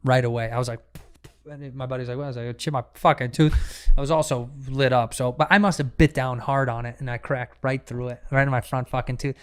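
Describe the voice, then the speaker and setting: A man, a comedian guest on a podcast, telling a profane, animated story in casual chat with many restarts. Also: mid-range voice, brisk, smooth.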